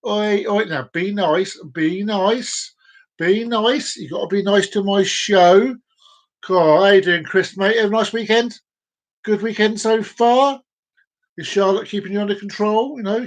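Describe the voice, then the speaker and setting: Jokey man, slightly high voice. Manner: jokey and rambling, with groan-worthy puns; chats directly to viewers by name. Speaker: live stream host. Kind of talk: casual live-stream chat.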